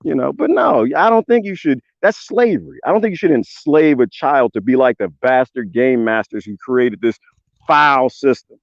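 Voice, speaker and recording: A man, ranting loudly in a casual livestream with folksy swearing. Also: mid-range voice, normal speed, no room sound. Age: 20s. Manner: loud, animated, swearing, folksy drawl. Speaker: livestream host. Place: outdoors on a homestead. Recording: dull lo-fi dry sound.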